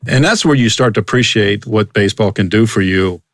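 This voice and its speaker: A man with a fairly low voice hosts the podcast in a measured, reflective manner. The recording is dry and close, and he sounds sincerely appreciative. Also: dry recording. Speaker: podcast host. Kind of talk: casual interview.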